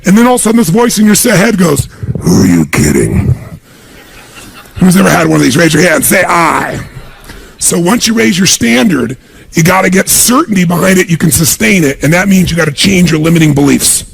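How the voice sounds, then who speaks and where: A man's voice: high voice, expressive, fast talker, vocal fry, a little hiss or hum. A man giving a live motivational seminar speech, speaking emphatically and quizzing the crowd with call-and-response questions.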